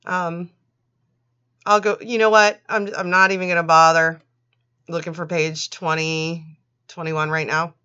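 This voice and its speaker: A woman reads a children's picture book at an unhurried pace, breaking off for sarcastic, foul-mouthed asides and frequent laughter. Her voice is bright and forward, caught on a dull, lo-fi recording. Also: fairly low pitch, flat delivery, smooth. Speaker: channel host reading a storybook. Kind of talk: mocking read-aloud of a children's book with commentary.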